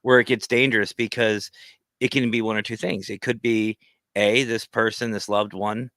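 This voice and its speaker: Earnest low-voiced man giving advice. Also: steady tone, moderate pace, fairly bright tone, dry recording. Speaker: podcast host. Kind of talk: casual livestream chat.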